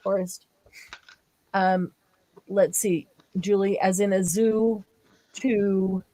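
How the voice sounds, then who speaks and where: Woman, craft livestream host: relaxed, unhurried delivery, giggly, chatty with viewers. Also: mid-range voice, no echo, low-quality recording. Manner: giggly, laughs often while talking. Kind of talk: casual livestream chat, reading viewer comments aloud.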